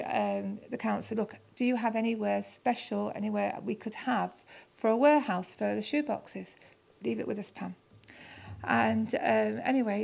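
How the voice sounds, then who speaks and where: A woman's voice: medium pitch, vocal fry, darkish tone. A middle-aged woman, telling her story to a church audience and acting out both sides of each conversation.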